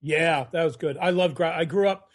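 A man's voice: a little high, normal speed. A middle-aged man, a guest actor, telling stories in a casual podcast chat and slipping into voices as he goes. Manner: animated storyteller, doing voices in anecdotes.

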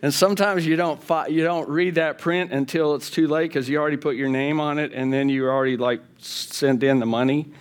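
Conversational male preacher, slightly high voice. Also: steady tone, brisk, hardly any pauses, smooth. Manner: conversational preaching with frequent rhetorical questions. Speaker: pastor. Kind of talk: sermon.

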